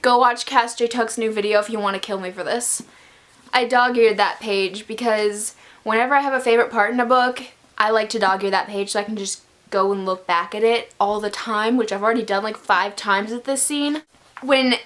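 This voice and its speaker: A woman giving a casual book review in her vlog, talking as a gushing, excitable fan. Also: fairly high pitch, moderate pace.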